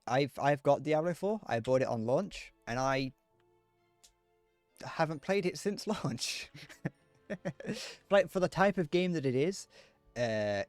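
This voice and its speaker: A man's voice: mid-range voice, dry recording. A man chatting casually on a live stream while gaming, rambling, joking and answering chat messages.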